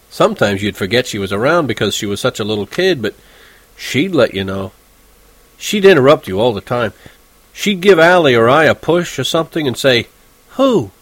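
A man's voice: medium pitch, a bit bright, no room sound, rough recording. Man narrating casually in dry studio sound. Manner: casual, wry, conversational storytelling. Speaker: audiobook narrator. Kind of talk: first-person audiobook narration.

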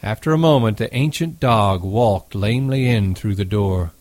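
A man narrating a novel as an audiobook in a steady, measured reading. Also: lowish voice, dry recording.

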